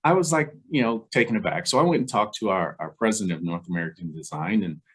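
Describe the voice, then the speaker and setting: A man's voice: deep voice, expressive, fast talker, a bit bright, slightly rough. A man, an engineer guest in an interview, telling his career story conversationally, chuckling often and acting out the dialogue he recalls.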